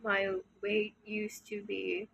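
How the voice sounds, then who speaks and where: A woman in her early twenties, soft-spoken and hesitant, talking openly to her channel in a casual, confessional way. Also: mid-range voice, completely flat delivery, takes it slowly, vocal fry, a little hiss or hum, poor audio. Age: early 20s. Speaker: channel host.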